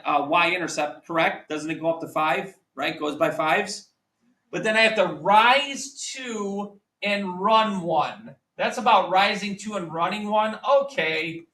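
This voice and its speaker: A man teaching a math lesson to a class, quizzing students with quick repeated questions. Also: sits high, bright, forceful tone. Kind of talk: classroom lecture. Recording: echoey classroom, mic at a distance.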